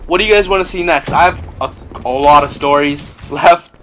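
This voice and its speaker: Young man, casual story-time vlog, rambling, fillers, slightly high voice. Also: fairly quick, slight background noise. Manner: rambling and animated, fillers like 'like' and 'you know'. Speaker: vlogger.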